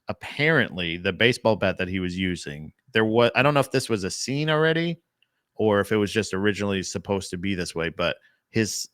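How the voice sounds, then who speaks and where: A man's voice: on the low side, a bit bright, no echo, clean studio sound. A young man co-hosting a podcast, rambling casually about a film with laughs and swearing. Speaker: podcast co-host.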